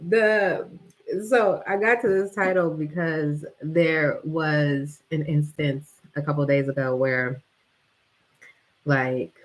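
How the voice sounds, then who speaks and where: A woman vlogger telling a story in casual, slangy talk, animated and often breaking into laughter. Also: sits low, low-quality recording.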